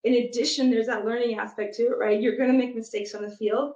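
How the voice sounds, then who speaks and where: Woman guest, considered and halting, echoey muffled remote audio. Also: fairly high pitch, fairly even intonation, darkish tone. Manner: thoughtful, many ums and restarts. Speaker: guest, product leader and youth soccer coach. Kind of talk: conversational interview answers.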